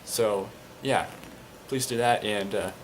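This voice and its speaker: A man's voice: lowish voice, slow pace, a little hiss or hum. A young man casually recounting a tabletop game, rambling with lots of fillers and crude slang. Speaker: storyteller, fan video maker.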